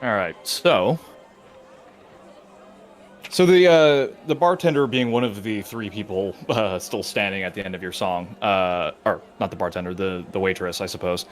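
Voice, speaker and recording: A low-voiced man running a tabletop game as game master. He describes the scene in a loose, halting way, filling pauses with "uh" and "like" and stopping to correct himself. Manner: halting, full of uh and like, self-correcting.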